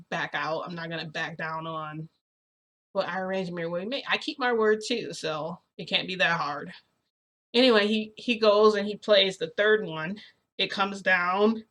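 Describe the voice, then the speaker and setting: A woman vlogger casually telling her viewers a long personal story, chatty and full of fillers, getting excited as she goes. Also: on the low side. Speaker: vlogger recounting a reality shift.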